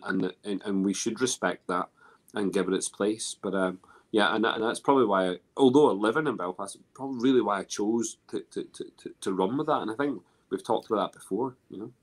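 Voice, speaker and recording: A man with a Scottish accent chatting casually on a video call, rambling with many restarts and fillers. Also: lowish voice. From Scotland. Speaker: guest. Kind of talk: casual chat.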